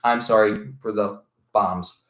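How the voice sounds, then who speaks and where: A man's voice: fairly low pitch, slow. A man and former EMT in casual podcast chat, telling stories with swearing and quoted voices. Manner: animated storytelling, swearing, quoting others. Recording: echoey room.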